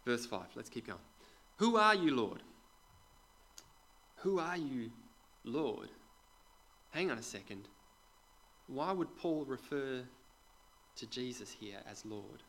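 A man of middle pitch delivers a sermon in a church, talking to the congregation like a conversation. He puts questions straight to the people listening and often drops into soft, quiet asides. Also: lively intonation, slow pace, long pauses, low-quality recording. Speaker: preacher.

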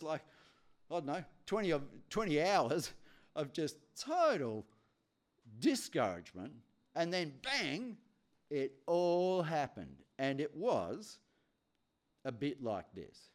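A man's voice: fairly high pitch, big pitch swings, takes it slowly, long pauses. A man preaching a sermon, telling a story with many repetitions.

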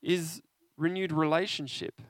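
A man preaching an interactive sermon, animated and conversational, often asking his listeners questions. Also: fairly high pitch, unhurried, dry recording.

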